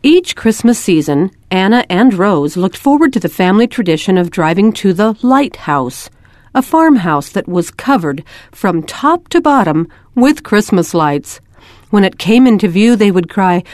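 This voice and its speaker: A woman's voice: mid-range voice, sing-song, measured pace, a little mellow, dry recording, clean studio sound. A woman reading a children's story aloud, lifting her voice for the children's lines. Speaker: reader.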